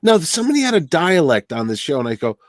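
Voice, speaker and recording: A man's voice: fairly high pitch, sing-song, fast, no echo, clean studio sound. A man co-hosting a podcast who chats casually with a wry, skeptical edge. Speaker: podcast co-host. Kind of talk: casual review chat.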